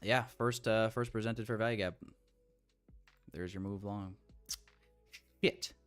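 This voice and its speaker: A man with a fairly low voice talks through his trades live, loose and unscripted. He mutters his thinking aloud, swears when a move runs, and answers his chat. Faint music plays underneath. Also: steady tone, slow pace, clear, resonant tone. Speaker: trading streamer. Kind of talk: live trading commentary.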